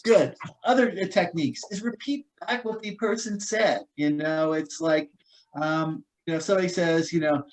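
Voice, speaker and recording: A man's voice: a little high, moderate pace, rough recording. A man giving an informal safety talk in a loose, conversational way, full of fillers and restarts. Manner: casual, many fillers and restarts. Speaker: guest speaker on personal safety.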